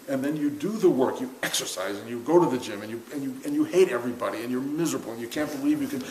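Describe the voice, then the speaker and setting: Animated man giving a spiritual talk. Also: mid-range voice, racing, hardly any pauses. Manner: animated, acts out quoted voices, laughs. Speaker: spiritual teacher. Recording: echoey room with faint hiss.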